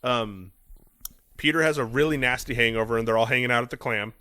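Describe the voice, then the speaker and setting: A man's voice: medium pitch, fairly quick, sharp tone, clean tone, no echo. A man co-hosting a casual podcast, retelling favorite jokes with enthusiasm, lots of ums and dudes. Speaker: podcast co-host. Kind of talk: casual chat.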